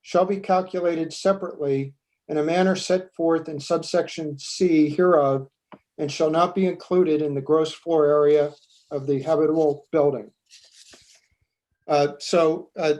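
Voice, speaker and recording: A zoning board member at a public meeting, reading out and explaining building code in a deliberate, measured way with frequent pauses. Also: male voice, on the high side, darkish tone.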